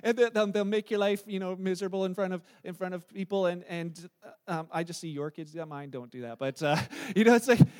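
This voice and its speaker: A man in his thirties preaching a sermon, telling a scripture story with animated delivery and acted-out quotes. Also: sits high, fast talker. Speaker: pastor.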